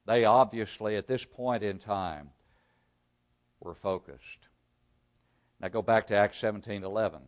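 A man preaching a sermon. He reads scripture aloud, explains it and asks the congregation rhetorical questions, rising loud for emphasis and dropping almost to a murmur. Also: on the low side, measured pace, pauses often. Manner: rises loud for emphasis, then drops to a near-murmur.

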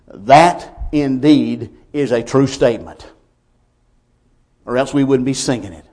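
A man preaching a sermon, emphatic, with swings from quiet lines to loud ones. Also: on the high side.

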